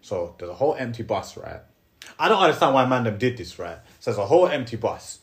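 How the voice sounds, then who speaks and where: A man's voice: medium pitch, sing-song, fast. A young man with a London accent telling a story in casual, slangy podcast chat, repeating and restarting as he goes. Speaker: podcast co-host.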